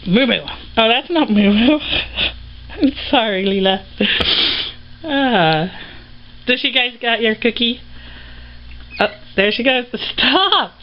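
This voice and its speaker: A woman's voice: on the high side, expressive, slow pace, pauses often, highs cut off, slight background noise. A woman filming a casual home video, chatting to her puppies and pets in a sing-song voice and laughing often.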